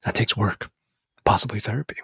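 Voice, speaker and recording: A young man hosting a podcast, giving a casual, earnest motivational talk that addresses the listener as brother and jumps up in pitch when he stresses a point. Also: brisk, creaky, sharp tone, slightly rough, dry recording, clean studio sound. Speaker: podcast host. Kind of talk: motivational monologue.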